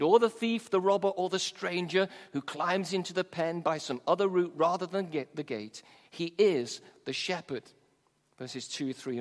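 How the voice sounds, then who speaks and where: High-voiced preacher in an echoing hall. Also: male voice. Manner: emphatic, stresses key words, reads scripture aloud. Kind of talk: sermon. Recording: long reverb of a large hall.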